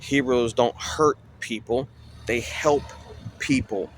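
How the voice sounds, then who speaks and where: Guy going off on a preachy rant, repeats himself a lot, loud car noise in the background. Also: mid-range voice, slow pace. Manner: fiery, preachy, repetitive rhetorical questions. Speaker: vlogger. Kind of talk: impassioned street rant.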